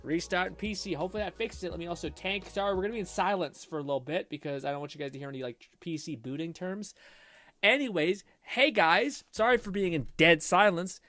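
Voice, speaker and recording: A live-streaming man with a somewhat high voice and a dry, close sound. He rambles casually and swears while fixing his home computer, with faint music behind him. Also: fairly quick, sharp tone, no room sound.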